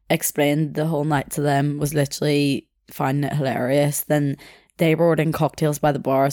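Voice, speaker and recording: A woman's voice: very deep voice, a little mellow, no room sound, clean studio sound. A young woman chatting in a rambling way, telling a story and laughing as she goes. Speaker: podcast host. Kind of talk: casual storytelling.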